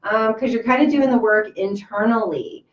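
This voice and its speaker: At a moderate pace and with a high-leaning voice, a woman co-hosts a relaxed spiritual conversation, offering calm reassurance while frequently starting over mid-thought. Her audio comes across dull and far off in a roomy space.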